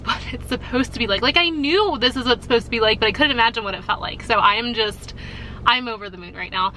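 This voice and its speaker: A young woman vlogs in a bright, upbeat voice, chatty and quick to poke fun at herself. Her nose is sore and stuffy from recent surgery, and a faint hum of noise sits behind her. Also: a little high, low-quality recording. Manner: chatty, upbeat and self-mocking. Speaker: teacher and vlogger. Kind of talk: casual vlog chat.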